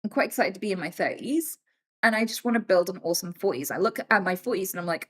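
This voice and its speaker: A woman in her thirties talking casually on a live stream, animated and swearing freely. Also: mid-range voice, fast, breathy edge. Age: 30s. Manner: animated and swearing, acts out quoted voices.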